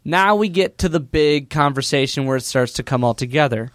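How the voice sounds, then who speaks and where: A man on a podcast casually recapping a movie's plot, telling it loosely with fillers and quick impressions. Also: a little high, no echo, studio quality. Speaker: podcast co-host.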